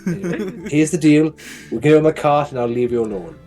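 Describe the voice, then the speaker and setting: A man's voice: a little high, expressive, a little fast, mellow, faint music behind. A man playing his character at a tabletop game, chatty and teasing, narrating his character's actions in third person. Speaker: player.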